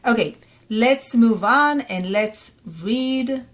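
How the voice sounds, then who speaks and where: Woman with an Israeli accent, Hebrew reading teacher, slow careful pace, sounds out syllables, repeats each word. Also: on the high side. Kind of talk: slow, patient reading lesson.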